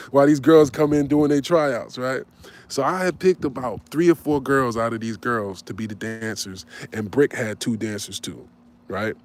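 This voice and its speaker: Slangy man telling a story. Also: mid-range voice. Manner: animated, slangy, with frequent asides. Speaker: host. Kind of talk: casual storytelling.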